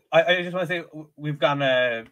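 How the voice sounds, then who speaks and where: Man, podcast host, bright tone, laughs a lot, animated casual chat. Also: fairly high pitch, dull audio. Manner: laughs often, animated, acts out quoted lines.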